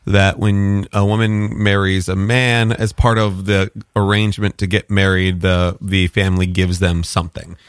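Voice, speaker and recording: A man on a podcast, explaining something haltingly in casual chat. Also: low voice, level tone, clear, resonant tone, no room sound, studio quality. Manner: halting explainer, laughs often.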